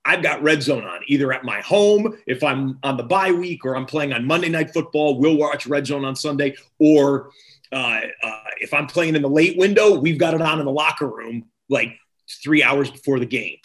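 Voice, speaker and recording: A man, a sports television host, telling stories in a casual interview, lively and quick to act out quotes. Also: on the high side. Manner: energetic storyteller, quotes others in lively voices.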